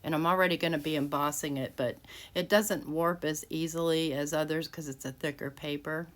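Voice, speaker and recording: A woman's voice: sits low, fairly even intonation, fairly quick. A woman talking casually as she walks through each step of making a handmade card, narrating what she does with frequent restarts. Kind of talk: casual crafting tutorial. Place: home craft room.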